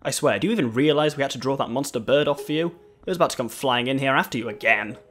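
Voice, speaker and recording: A man's voice: mid-range voice, fast talker, a bit bright, faint music behind, close to an everyday voice. A man voicing a brash, bossy young female pirate captain who gives curt commands, in a game playthrough.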